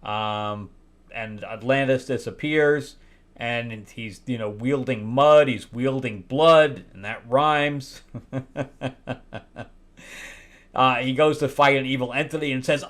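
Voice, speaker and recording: A man giving a casual spoken review of comic books, candid and wry, pausing often with fillers and restarts. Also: mid-range voice. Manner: candid and wry, with loud incredulous outbursts; hesitant, many fillers and restarts.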